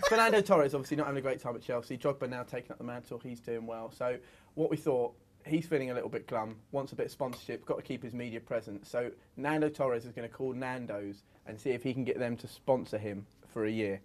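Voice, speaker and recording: A man's voice: mid-range voice, fast talker. A man hosting a comedy panel, setting up a prank call. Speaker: radio comedy panel host.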